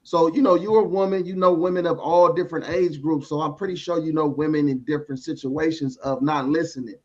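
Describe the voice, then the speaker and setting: A man's voice: on the high side, steady tone, fairly quick, a little mellow, highs cut off. A man co-hosting a podcast, talking loosely in slangy casual chat and tagging "though" onto his lines. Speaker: podcast co-host.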